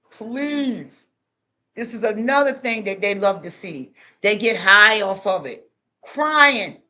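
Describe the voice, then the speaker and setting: A woman's voice: mid-range voice, pushed and bright. Emphatic middle-aged woman giving advice. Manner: emphatic, repetitive, preachy. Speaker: advice vlogger. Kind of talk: casual advice monologue.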